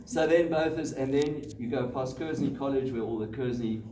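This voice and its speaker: A man's voice: medium pitch, normal speed. Joking man in a roomy hall. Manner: animated, joking storyteller. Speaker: guest speaker at a running club. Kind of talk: live talk to an audience. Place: club meeting room. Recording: roomy hall, mic far off, room noise.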